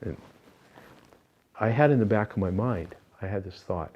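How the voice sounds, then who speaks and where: A man's voice: fairly low pitch, moderate pace, dull audio. An older man being interviewed, recounting personal spiritual experiences in an earnest, reflective way, with many fillers and restarts. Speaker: interview guest.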